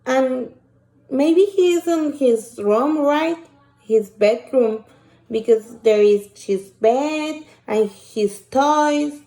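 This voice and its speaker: A woman teacher, reading a picture book aloud and asking children questions in a slow, patient way. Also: high voice, animated, dark tone, roomy sound. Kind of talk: shared reading lesson for children.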